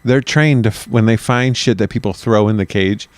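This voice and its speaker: A man co-hosting a podcast in casual comedic chat, jokey and quick to drop into silly voices. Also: on the low side, dry recording. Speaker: podcast co-host.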